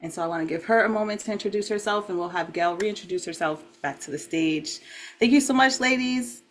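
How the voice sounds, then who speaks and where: Gentle low-voiced woman host. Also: steady tone. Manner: gentle, unhurried, spiritual phrasing. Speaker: podcast host. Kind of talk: podcast opening and host talk.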